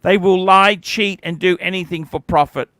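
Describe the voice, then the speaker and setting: Crisp, bright-voiced man ranting. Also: sits high, fairly even intonation, normal speed, no echo. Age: 40s. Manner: profane, cantankerous ranting. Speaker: livestream host. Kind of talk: ranting livestream chat.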